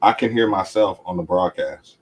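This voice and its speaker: A man's voice: deep voice, moderate pace, slightly rough, rough recording. A man calling into a live show in casual chat, laid-back as he checks his mic. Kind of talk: casual chat over a call.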